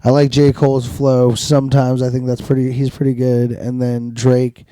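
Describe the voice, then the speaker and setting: A man's voice: medium pitch, monotone, normal speed, mellow, no room sound, clean studio sound. A man co-hosting a podcast in casual chat, rambling and swearing a lot, laughing often. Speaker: podcast co-host.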